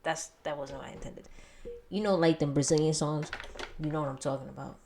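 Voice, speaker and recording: A young woman talks casually through an album reaction, full of slang, laughter and muttered side comments. Her voice sits a little low for a woman. Her delivery is loose and chatty. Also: steady tone, fairly quick, vocal fry, a crowd in the background. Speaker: music reaction host.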